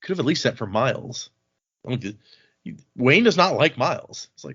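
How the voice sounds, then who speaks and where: A man co-hosting a casual book podcast, animated and quick to laugh. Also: mid-range voice, breathy edge, muffled recording. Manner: animated, laughs easily, acts out quotes. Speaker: podcast co-host. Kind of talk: casual book discussion, reading aloud.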